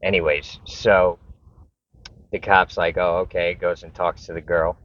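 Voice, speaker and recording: A man's voice: sits low, little pitch movement, measured pace, fairly bright tone. A man vlogger telling a rambling, profane story in casual talk, full of restarts and asides. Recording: dull lo-fi recording.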